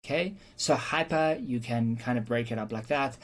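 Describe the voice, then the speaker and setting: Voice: medium pitch, moderate pace. A teacher giving an explanatory lesson on rhetorical devices, patiently working through examples and checking in with "okay?" along the way, with frequent "um" fillers. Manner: frequent "um" fillers and small restarts. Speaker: English teacher.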